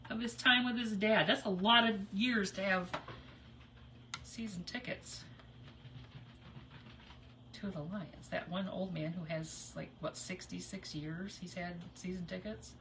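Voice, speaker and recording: A woman's voice: medium pitch, a bit bright, recorded from a distance. Woman host, rambling crafting chatter, giggly, mic set back in a noisy room. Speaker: crafter hosting a live stream. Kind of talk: casual chat while crafting.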